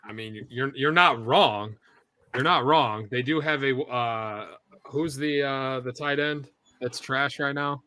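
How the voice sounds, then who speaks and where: A sports show co-host speaks slowly in a mid-range voice with a bright, forceful tone. His live-stream talk is casual and rambling, and he uses a headset or earpiece to monitor a TV feed.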